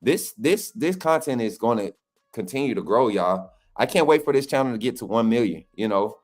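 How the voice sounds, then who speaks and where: A man's voice: mid-range voice, moderate pace, faint music behind. A man co-hosting a fan channel, telling a story casually with lots of restarts and y'all. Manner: rambling, many restarts and "y'all", animated.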